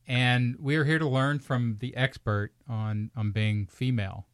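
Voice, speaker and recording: A man's voice: mid-range voice, fairly even intonation, a little slow, smooth, no room sound, clean studio sound. A man from Kentucky, hosting a casual comedy podcast, teasing his co-hosts and laughing often. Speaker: podcast host.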